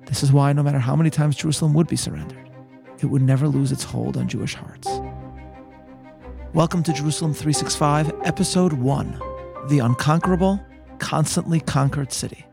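A man hosting a podcast, giving a measured, scripted historical narration and reading quotations aloud. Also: fairly high pitch, vocal fry, over music. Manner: measured, storytelling, reads quotes aloud. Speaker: podcast host.

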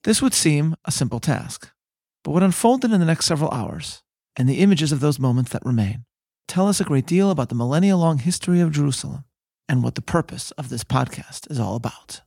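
A man hosting a podcast, giving a measured, scripted historical narration and reading quotations aloud. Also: a little high, lively intonation, vocal fry, warm tone, husky, no room sound, clean studio sound. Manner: measured, storytelling, reads quotes aloud. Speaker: podcast host.

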